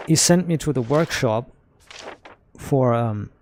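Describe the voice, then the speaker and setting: A man's voice: medium pitch, lively intonation, slow pace, a little mellow, a little hiss or hum. A young man streaming a game, rambling through a story with casual swearing. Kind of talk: casual gaming chat.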